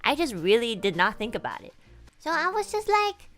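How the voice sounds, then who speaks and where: A woman streamer telling a story in a rambling, animated way, full of "like" and laughter, with Japanese phrases mixed in. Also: fairly high pitch, normal speed, faint music behind. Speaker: virtual streamer. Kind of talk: casual storytelling chat.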